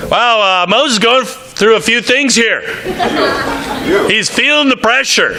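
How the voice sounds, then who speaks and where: High, bright-voiced male preacher. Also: a little slow, long pauses. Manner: animated preaching, reads scripture aloud and acts out quotes. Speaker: pastor. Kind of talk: sermon.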